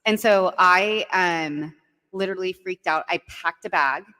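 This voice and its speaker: Low-pitched woman, casual podcast storyteller, animated and filler-heavy, roomy reverb. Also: unhurried. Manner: animated, heavy use of "like" and "right?". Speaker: guest storyteller.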